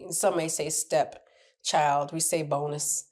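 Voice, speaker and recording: A woman's voice: sits low, unhurried. A woman coaching on relationships, talking candidly and animatedly to camera in a casual advice chat. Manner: candid, animated, laughs at her own stories.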